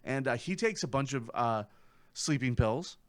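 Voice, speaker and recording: A man co-hosting a comedy podcast, telling a crime story in a profane, animated way and acting out the people in it. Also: medium pitch, normal speed, no room sound. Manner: profane, animated, acts out quotes. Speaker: podcast co-host.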